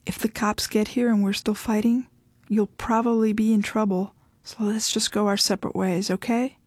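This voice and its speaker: A woman's voice: medium pitch, normal speed, no room sound, close to an everyday voice. A woman doing a blunt, weary estranged wife. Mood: firm. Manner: firm, flat, impatient.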